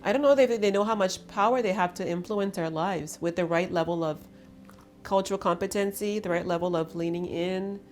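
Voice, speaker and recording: A woman's voice: fairly low pitch, a little fast. A woman hosting an intimate conversation, telling her story in an earnest, emphatic way. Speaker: host.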